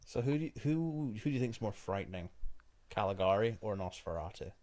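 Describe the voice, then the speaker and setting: A man co-hosting a podcast, chatting casually about films, relaxed and blunt with his opinions. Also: on the low side, a little fast, dry recording. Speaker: podcast co-host. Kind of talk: casual film chat.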